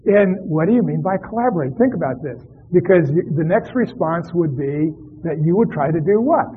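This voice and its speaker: A man's voice: fairly high pitch, lively intonation, moderate pace, few pauses, husky. A man presenting a workshop to therapists, talking conversationally and quizzing his audience. The recording is a tinny, lo-fi cassette.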